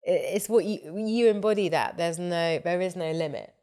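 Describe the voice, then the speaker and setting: A woman guest with a fairly low, soft-spoken voice. She talks in a relaxed, reflective way and answers with quiet hums of agreement. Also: normal speed, clean tone. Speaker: podcast guest, entrepreneur. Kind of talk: casual interview chat.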